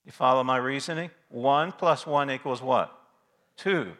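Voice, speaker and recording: A man's voice: mid-range voice, measured pace, fairly bright tone. A male pastor preaching a sermon in an emphatic way, stopping to ask his listeners rhetorical questions.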